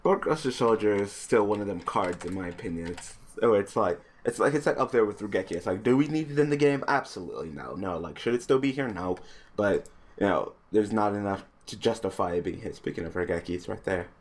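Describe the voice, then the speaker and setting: A gaming YouTuber with a lowish voice mumbles casual commentary while playing an online card game. He speaks briskly and animatedly, swearing and growing exasperated with his opponent.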